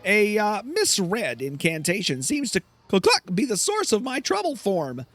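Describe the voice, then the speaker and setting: A man's voice: high voice, wildly swooping pitch, a little slow, a bit bright, faint music behind, pitched above the performer's own voice, heavily acted. A man voicing a flustered, pompous male chicken mage, cutting his archaic speech with clucks. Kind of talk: video game voice acting.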